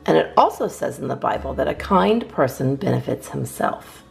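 A woman doing a calm, wise father bear. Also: very deep voice, moderate pace, gravelly, faint music behind, exaggerated voice. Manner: calm, explaining.

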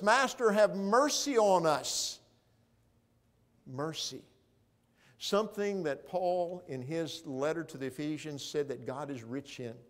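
A man preaching a sermon in a church, moving between loud proclaiming and quiet, hushed appeals. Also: medium pitch. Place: church sanctuary.

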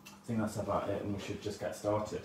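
A man's voice: lowish voice, flat delivery, brisk. A man hosting a casual live painting lesson, chatty and jokey, giving instructions while he paints. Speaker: painting class host. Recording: echoey room, mic far off, faint noise.

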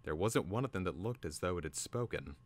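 A man's voice: sits low, expressive, brisk. A man giving a theatrical, dramatic reading of a fantasy story. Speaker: reader.

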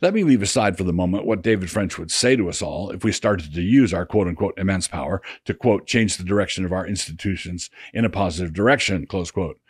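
Older guy reading his essay out loud, husky voice kinda low, dry close mic, sardonic. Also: dry recording. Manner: sardonic, measured, drops voice for quotes. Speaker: pastor and blogger.

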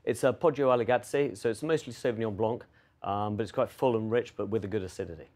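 A man's voice: on the low side, darkish tone. A middle-aged English man with an English accent, answering interview questions in a friendly, self-deprecating way. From England. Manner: friendly, self-deprecating, quick with small restarts. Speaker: wine auction executive, guest.

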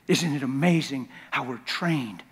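A man's voice: mid-range voice, a little slow, fairly bright tone. A man preaching a sermon as a pastor, impassioned and acting out little scenes and voices as he talks. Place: large church hall. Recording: long church hall reverb.

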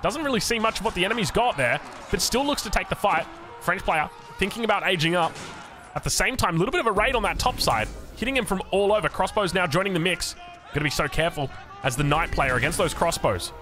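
A man's voice: sits high, lively intonation, fast talker, pushed and bright, faint music behind. A man with an Australian accent doing chatty esports commentary on a strategy game, with self-mocking asides. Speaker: game caster.

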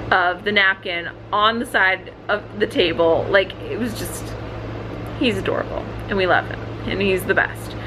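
A woman's voice: mid-range voice, noisy background. A young woman chatting casually in a home vlog, often switching to a sing-song voice for her dog. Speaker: vlogger. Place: home living room.

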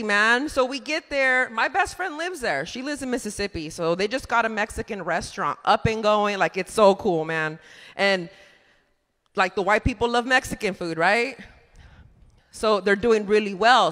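A woman performing a stand-up comedy set, chatty and animated, laughing at her own jokes on a club stage. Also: mid-range voice, normal speed. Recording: reverberant club room.

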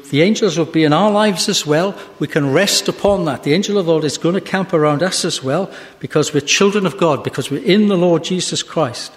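A man preaching a sermon, slow and measured, rising to a fervent pitch at his climaxes. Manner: slow and measured, with long pauses. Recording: hall reverb.

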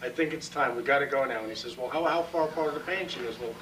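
A man telling a joke at a party, animated, doing the characters' voices. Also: medium pitch, quick pace. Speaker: joke teller. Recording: far-off camcorder mic with room noise.

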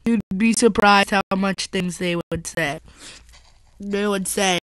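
A woman's voice: mid-range voice, fairly even intonation, slow, long pauses, a bit bright, dry recording, poor audio. A woman chatting casually while commenting on her Minecraft gameplay, rambling and often correcting herself mid-sentence. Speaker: gaming channel host.

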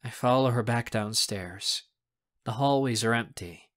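A man narrating a young adult audiobook in the first person, with a bright, forceful tone. He reads expressively and shapes each scene. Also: medium pitch, unhurried.

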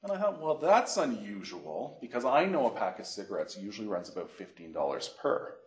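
Lively low-voiced man presenting a workshop. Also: fast. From Canada. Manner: animated storyteller, acts out phone calls. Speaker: financial educator. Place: library meeting room. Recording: echoey room.

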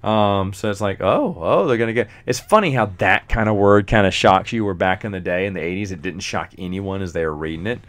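A man's voice: deep voice, steady tone, a little fast, hardly any pauses, a bit bright. A man hosting a solo podcast, chatting casually about a book, rambling with lots of fillers and chuckling often. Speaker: podcast host reviewing a book.

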